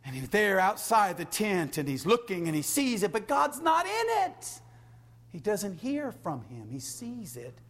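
A man preaching a sermon, reading scripture aloud and swinging from hushed whispers to shouted praise. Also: high voice, sing-song, normal speed, hardly any pauses. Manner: reads scripture in King James style.

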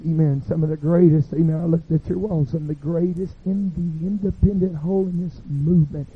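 A man preaching a revival sermon, telling dramatic stories that build to shouting. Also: a little high, steady tone, brisk, a little hiss or hum. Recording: tinny phone-like sound.

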